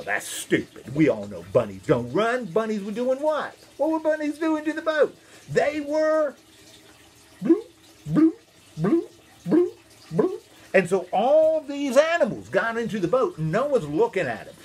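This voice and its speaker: Animated minister telling a children's story. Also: male voice, a little high, husky. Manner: playful and animated, asks the listeners questions.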